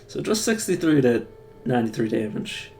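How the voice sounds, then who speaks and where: Gravelly-voiced man rambling through gameplay. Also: medium pitch, sing-song, normal speed, a little mellow, slight background noise. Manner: rambling, thinking aloud, self-mocking. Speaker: streamer. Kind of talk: casual live-stream gameplay commentary.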